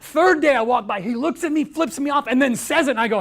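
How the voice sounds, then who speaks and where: A man telling a story to an audience, acting out the quoted voices with lively energy. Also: very high voice, fast talker. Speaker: speaker.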